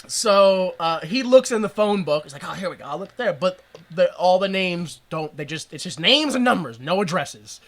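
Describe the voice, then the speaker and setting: A man's voice: high voice, animated, normal speed, a bit bright. A man co-hosting a podcast, casually recapping an old show, laughing often and slipping into exaggerated old-timey voices. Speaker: podcast co-host. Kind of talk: casual comedic recap chat.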